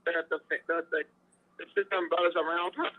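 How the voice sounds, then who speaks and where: A woman caller in casual chat, talking haltingly and repeating words. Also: on the low side, steady tone. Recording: tinny phone line.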